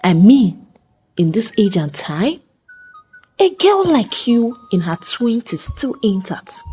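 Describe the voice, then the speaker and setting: A woman's voice: medium pitch, very animated, slow pace, mellow, husky, soft background music, exaggerated voice. A woman voicing a ruthless, wealthy middle-aged male chief who speaks in a cold, domineering way, in a storybook reading.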